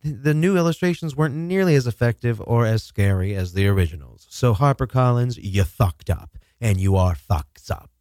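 A man's voice: medium pitch, lively intonation, moderate pace, darkish tone, no room sound, studio quality. A man hosting a radio show, chatting casually with wry, incredulous and profane commentary. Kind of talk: casual chat.

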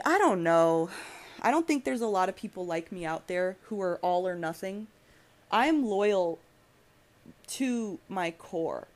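A young woman hosting a podcast, ranting bluntly and emotionally with profanity and many restarts. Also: medium pitch. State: emotional, angry. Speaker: podcast host. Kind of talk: heated podcast rant.

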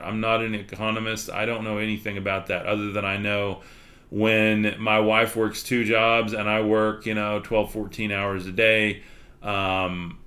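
A man's voice: lowish voice, bright, forceful tone. A man with a Texas accent hosting a podcast livestream, chatting candidly and rambling, with plenty of fillers. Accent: Texan. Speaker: podcast host. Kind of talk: casual livestream chat.

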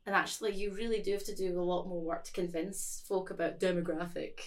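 A woman's voice: on the low side, fairly even intonation, fast, poor audio. A woman who is a musician and part-time marketing teacher, talking in a chatty, self-mocking way in a casual conversation. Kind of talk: casual chat.

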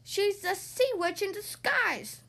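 Storybook bird: a jittery male seagull, voiced by a woman reader, high and alarmed. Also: lively intonation, slow pace, pushed and bright, exaggerated voice. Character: excitable male seagull, frantic. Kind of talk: storybook reading.

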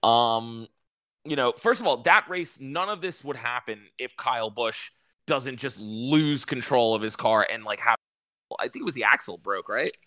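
A young man hosting a casual racing chat, excited and swearing freely. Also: mid-range voice, normal speed, no echo, clean studio sound. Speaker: podcast host.

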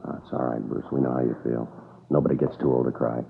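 An actor playing a calm, reassuring police detective questioning a distraught witness. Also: male voice, rumbling low, fast talker, creaky, heavily acted. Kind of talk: dramatic dialogue. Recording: tinny old broadcast with faint noise.

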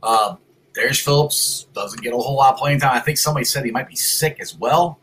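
A middle-aged man hosting a casual sports talk show from his son's house, excited and rambling, with loud greetings. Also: medium pitch, fairly quick, slight background noise.

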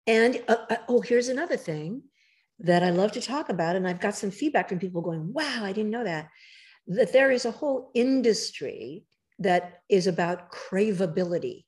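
A woman author as a podcast guest, talking casually but emphatically, lecturing in quick bursts, her voice rough in the morning. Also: mid-range voice, expressive, darkish tone. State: morning voice, throat clearing.

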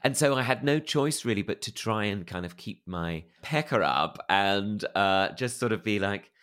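A man's voice: on the low side, lively intonation, moderate pace, a bit bright, smooth. A man with a plummy, posh English accent, candidly telling personal stories as an interview guest, self-deprecating, with lots of fillers and restarts. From England.

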